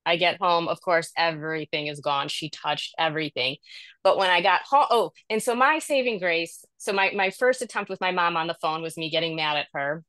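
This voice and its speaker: In a support group video call, a middle-aged caregiver gives a candid, rambling, and self-deprecating account of caring for her mother. Her voice is lowish and fairly bright, she speaks briskly, and there's no room sound.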